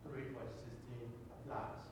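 A man's voice: medium pitch, little pitch movement, a little slow. A man in a Bible class who cites scripture in a hesitant way. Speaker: class member. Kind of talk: classroom discussion. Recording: roomy, distant, noisy room.

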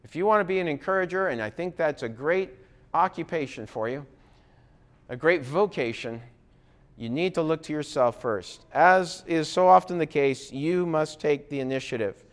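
A man's voice: a little high, moderate pace. A man teaching a recorded Bible class in a conversational way, often checking in with his listeners. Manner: conversational, frequent "okay?" check-ins.

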